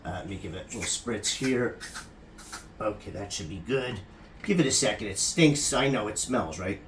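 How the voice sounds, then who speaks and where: A man's voice: lowish voice, animated, normal speed, reverberant, slight background noise. A man giving a crude, rambling comic talk about hygiene, chatting to the person filming him. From California. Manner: rambling, crude and jokey, often addressing the camera operator by name. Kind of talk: casual comic monologue to the camera operator.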